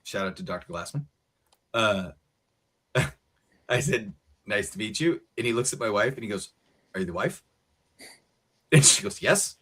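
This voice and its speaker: An American man, co-host of a casual talk show, telling a story in a lively way and acting out the voices of the people in it. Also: on the low side, measured pace, long pauses, slightly rough. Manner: animated storyteller acting out quotes.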